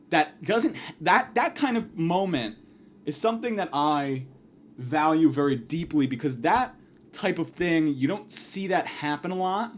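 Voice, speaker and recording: A man telling a rambling, profane comic story about his night out, often restarting sentences and acting out the people in it. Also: fairly high pitch. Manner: rambling, profane, self-mocking, acts out shouted quotes. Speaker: podcast host. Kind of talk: casual comedic storytelling monologue.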